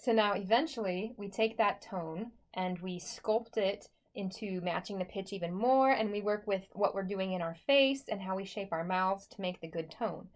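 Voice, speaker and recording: A woman's voice: medium pitch, moderate pace, few pauses. A woman voice teacher talking through a singing lesson in a chatty, encouraging way, with many likes and okays.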